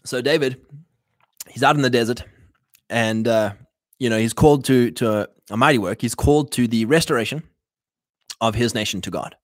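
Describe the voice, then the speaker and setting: A man's voice: mid-range voice, moderate pace, long pauses, no room sound. Male host, rambling livestream talk, dry close mic. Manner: rambling, repeats himself, many fillers. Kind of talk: casual livestream commentary.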